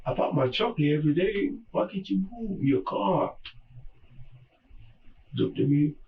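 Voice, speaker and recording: An older man giving a slow, repetitive and emotional statement in a police interrogation, heard through muffled recording. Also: fairly high pitch, lively intonation, vocal fry. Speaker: murder suspect in interrogation. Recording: muffled, distant interrogation room audio.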